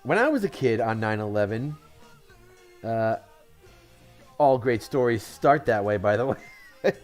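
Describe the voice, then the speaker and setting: Man, comedian, one-liner jokes, laughs at own punchlines, mid-pitched voice, faint music behind. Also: animated, a little slow. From Connecticut, USA. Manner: chuckles at his own jokes, offhand self-commentary.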